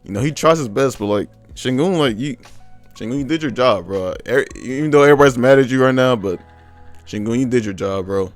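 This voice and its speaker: A man's voice: mid-range voice, lively intonation, fairly quick, faint music behind. Blunt, exasperated young man ranting. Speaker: sports fan commentator. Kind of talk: casual ranting commentary.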